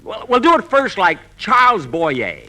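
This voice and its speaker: 1940s radio comic host, bright, swooping indignation. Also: male voice, sits high, wildly swooping pitch, measured pace. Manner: exasperated, indignant comic timing. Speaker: comedy show host.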